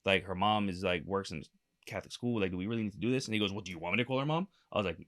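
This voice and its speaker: A man's voice: low-pitched, very fast, fairly bright tone. A young man telling a story on a casual podcast, swearing freely and acting out the quotes. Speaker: podcast co-host.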